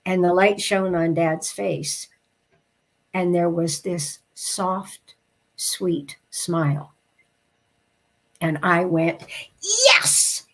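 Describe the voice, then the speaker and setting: Woman, interview guest, lowish voice, heartfelt reflective storytelling, slows for emotional moments. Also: fairly even intonation.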